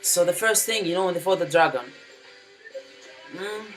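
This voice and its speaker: Excitable swearing young man ranting. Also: high voice, moderate pace, soft background music. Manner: swears often, heavy use of "you know" and "man". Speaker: anime fan commentator. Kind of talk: casual rant to camera.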